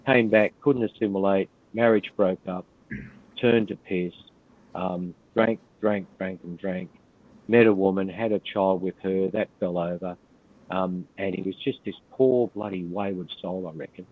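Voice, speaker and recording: A man's voice: low-pitched, fairly even intonation, a little slow. An older Australian man, a retired police officer, telling a war story as a podcast guest in a blunt, profane, laid-back way. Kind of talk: storytelling in casual interview. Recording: tinny phone-like line.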